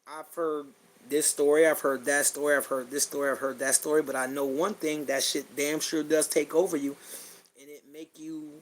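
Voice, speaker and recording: A middle-aged man with a fairly high-pitched voice talks bluntly into his podcast mic. He swears freely and circles back on his own phrases as his feeling rises and falls. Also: flat delivery, moderate pace, poor audio. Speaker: podcast host. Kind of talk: blunt personal monologue.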